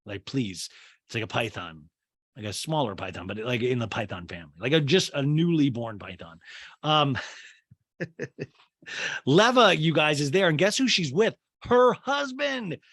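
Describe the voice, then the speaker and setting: A man's voice: medium pitch, expressive, moderate pace, long pauses, a bit bright, dry recording, clean studio sound. A young man hosting a podcast, recapping a reality show in a chatty, self-mocking way and acting out quotes in exaggerated voices. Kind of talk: casual comedic recap.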